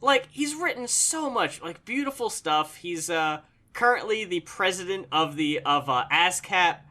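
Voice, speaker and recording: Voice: mid-range voice, lively intonation, measured pace, bright, forceful tone. A co-host in a casual film review chat, enthusiastic and rambling, swearing casually. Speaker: co-host of a movie review show.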